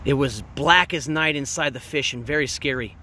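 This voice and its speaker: A man's voice: mid-range voice, moderate pace, sharp tone, slight background noise. A man reading a picture book aloud, drawing out the big words for dramatic emphasis. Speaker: reader. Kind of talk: storybook read-aloud.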